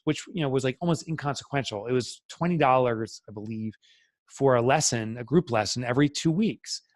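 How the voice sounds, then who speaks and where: A man's voice: mid-range voice, no room sound. A middle-aged man, a podcast guest, telling a candid personal story in an earnest, reflective way with many fillers.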